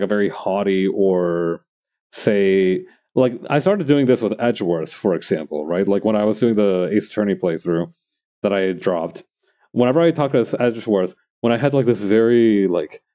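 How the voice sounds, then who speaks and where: A man's voice: fairly low pitch, warm tone. A man streaming while he crafts, chatting casually and thinking aloud to his viewers in a rambling way.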